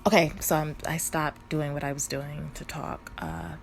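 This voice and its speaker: Stoned, rambling woman with a gravelly voice. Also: low-pitched, little pitch movement, moderate pace, slight background noise. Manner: rambling, profane, self-interrupting, laughing often. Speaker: vlogger. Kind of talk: rambling casual storytime.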